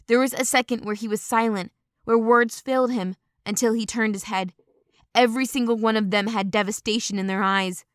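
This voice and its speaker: Woman audiobook narrator, fairly high, dry close sound, measured first-person read. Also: steady tone, no echo.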